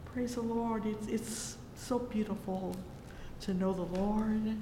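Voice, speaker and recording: A preacher delivering a fervent sermon, repeating "oh, yes" and "praise the Lord" and swelling loudly on the exclamations. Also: steady tone, takes it slowly. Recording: echoey hall with faint rumble.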